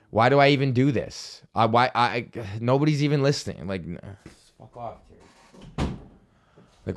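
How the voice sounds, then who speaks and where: A man's voice: mid-range voice, clean tone. A young man hosting a solo comedy podcast, ranting in a profane, rambling, self-deprecating way. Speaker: podcast host.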